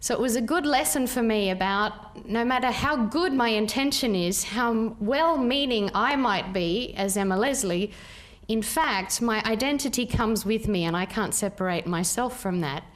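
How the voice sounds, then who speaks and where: Earnest Australian woman telling a story. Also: fairly high pitch. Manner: measured, earnest, with thoughtful pauses. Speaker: peace worker giving a talk. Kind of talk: public talk, storytelling.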